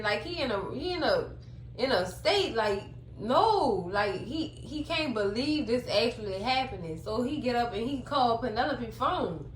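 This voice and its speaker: Chatty high-voiced woman recapping TV. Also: lively intonation, measured pace. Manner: chatty, dramatic, acts out quotes. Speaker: TV recap vlogger. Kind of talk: casual recap chat. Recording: echoey room, faint hum.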